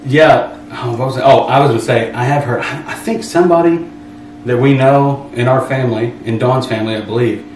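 A man's voice: medium pitch, fairly quick, darkish tone. Man, joking, laid-back, echoey room, distant mic, faint noise. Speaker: show regular. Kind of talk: casual chat.

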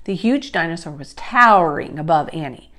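A woman reading a children's chapter book aloud, slow and expressive. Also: low-pitched. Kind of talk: storybook read-aloud.

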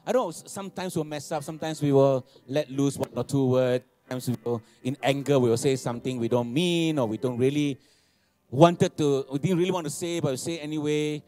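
A man, preaching a sermon, animated and laughing, repeating phrases and asking for amens. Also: medium pitch, a little fast. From Malaysia. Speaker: pastor. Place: church hall.

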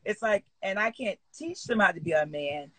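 A woman's voice: mid-range voice, lively intonation, moderate pace, fairly bright tone, dry recording. A woman in her forties, a guest on a live video chat, talking candidly and emphatically and swearing freely. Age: 40s. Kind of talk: casual live-stream chat. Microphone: phone on a live video call.

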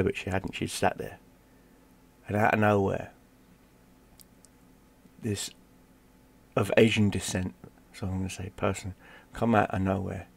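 Low gravelly guy telling a story, blunt, swears a lot. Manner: blunt, swears freely, drops to a hush for tense moments. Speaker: gaming streamer telling a personal story. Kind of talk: casual storytelling.

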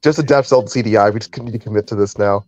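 A man co-hosting a casual podcast chat, animated and jokey, laughing often. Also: fairly low pitch, very fast, muffled recording, faint music behind. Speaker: podcast co-host.

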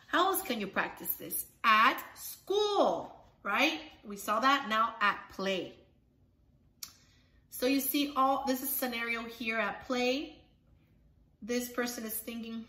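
A woman presents a children's picture book, walking through each page in a bright, fairly high voice and asking "right?" often. The recording has a roomy echo. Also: normal speed. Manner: explanatory, with a frequent "right?" after each point. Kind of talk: explaining a picture book aloud. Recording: echoey room.

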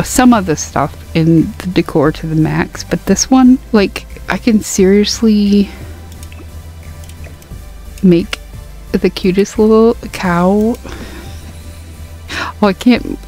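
A woman giving a casual game review, gasping and squealing excitedly over cute items. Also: medium pitch, measured pace, pauses often, faint music behind. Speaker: gaming YouTuber.

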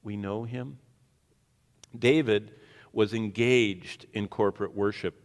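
Animated male preacher in a reverberant hall. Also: fairly low pitch, slow, pauses often. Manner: animated, rising to near-shouts for emphasis; acts out quotes in character. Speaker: pastor. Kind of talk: sermon.

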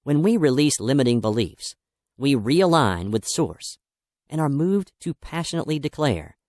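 A man's voice: medium pitch, sing-song, moderate pace, darkish tone, dry recording, clean studio sound. A man narrating a self-help audiobook in an upbeat, emphatic and encouraging manner.

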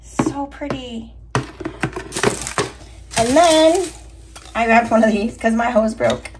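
A woman's voice: on the high side, lively intonation, unhurried. A woman vlogger chatting casually through a shopping haul, upbeat and talking to her viewers, her voice a little scratchy. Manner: chatty, upbeat, addresses viewers as y'all and you guys. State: slightly scratchy voice. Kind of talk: casual haul video chat.

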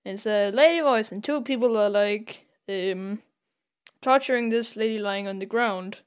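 A woman's voice: medium pitch, moderate pace, clear, resonant tone. A woman co-hosting a podcast, casually retelling a comic story with lots of fillers and little acted-out voices. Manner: retells scenes, putting on voices with many fillers. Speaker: podcast co-host.

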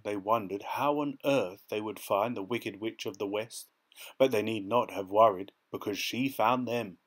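A man reading a children's story aloud in a steady, expressive way. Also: lowish voice. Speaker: narrator.

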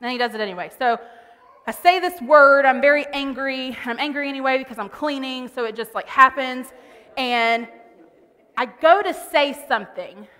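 A woman speaks from a church stage, telling a story from home in a loose, conversational way. Her voice sits a little high and sounds bright. The big room gives it a long reverb tail. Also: normal speed. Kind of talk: sermon. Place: church auditorium.

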